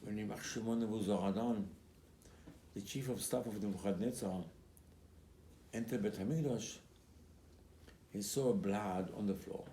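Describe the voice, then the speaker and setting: A man who is a rabbi, giving a Torah class as an animated storyteller who acts out quotes and repeats his key points. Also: fairly low pitch, unhurried, pauses often. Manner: emphatic, repeats key phrases. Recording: roomy recording with faint background noise.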